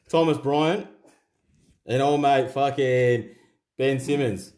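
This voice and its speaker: A young Australian man opens card packs and calls out each name in an offhand, sweary patter. His voice sits at an ordinary middle pitch. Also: slow, long pauses, darkish tone. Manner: swears constantly, rattles off names. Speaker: card-opening channel host. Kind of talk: casual pack-opening commentary.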